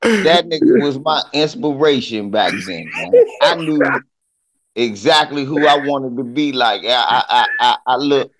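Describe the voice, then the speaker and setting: A man hosting a casual podcast, telling profane, animated stories with quick jokes. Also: mid-range voice, a crowd in the background. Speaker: podcast host. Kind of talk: casual chat.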